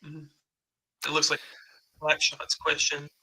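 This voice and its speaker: Gravelly, sharp-voiced man speaking haltingly. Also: a little high, completely flat delivery, poor audio. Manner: halting, many pauses and fillers. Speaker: student in a live class. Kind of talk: live online lesson.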